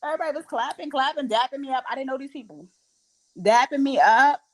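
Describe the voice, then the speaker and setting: A young woman telling a story in casual chat, animated and acting out the voices of people she quotes. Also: sits high, quick pace, poor audio. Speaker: podcast host.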